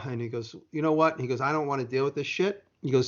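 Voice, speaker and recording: A man's voice: medium pitch, quick pace, hardly any pauses. An American man telling a long rambling story in casual podcast chat, swearing now and then, with dull lo-fi sound. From United States. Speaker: podcast guest.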